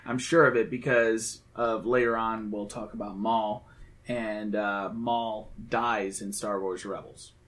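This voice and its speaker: A man's voice: lowish voice, flat delivery, measured pace, fairly bright tone. Chatty man rambling about a movie. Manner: chatty, enthusiastic, rambling with fillers. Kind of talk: casual movie review chat.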